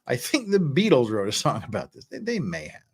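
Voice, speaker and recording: Lively, chuckling male livestream host. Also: mid-range voice, brisk, vocal fry, breathy edge. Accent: American. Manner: lively, rambling, chuckles often, restarts words. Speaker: livestream host reading chat. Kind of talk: casual livestream chat.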